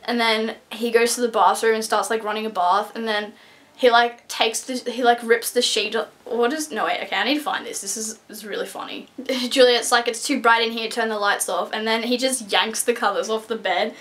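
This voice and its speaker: Young woman rambling excitedly about a book she loves, lots of likes and restarts, voice a bit high. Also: normal speed. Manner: gushing, rambling, full of "like" and restarts. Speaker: book reviewer. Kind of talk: casual book review vlog.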